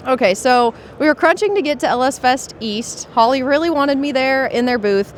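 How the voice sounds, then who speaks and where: A woman's voice: high-pitched, expressive, moderate pace, slight background noise. A woman who builds cars and makes videos about them, talking through her project in a chatty, matter-of-fact way during an interview. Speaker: car builder and content creator. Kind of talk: casual interview. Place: busy trade show floor.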